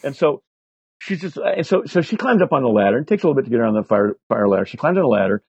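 An older man in his sixties telling animated stories as a guest, swearing freely and filling gaps with fillers. His voice is husky at a middle pitch. The sound is dry and slightly lo-fi. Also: rapid-fire, dry recording. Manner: profane, animated anecdotes with many fillers. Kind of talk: casual storytelling interview. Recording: slightly dull lo-fi audio.

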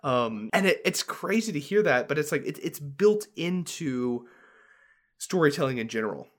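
A man's voice: fairly high pitch, animated, normal speed. Rambling casual male podcast host. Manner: rambling, filler-heavy, laughs while talking. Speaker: podcast co-host and dungeon master.

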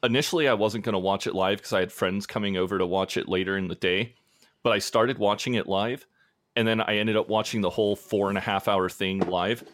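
A man's voice: lowish voice, steady tone, brisk, fairly bright tone, dry recording, studio quality. A man hosting a podcast, chatting casually and rambling with frequent laughs. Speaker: podcast host. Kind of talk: casual chat.

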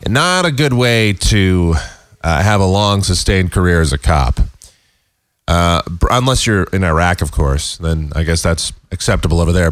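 A man's voice: mid-range voice, a bit bright, dry recording. A male talk show host with a congested, growly, nasal voice, chatting in a rambling way with wry asides. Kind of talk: casual talk show monologue.

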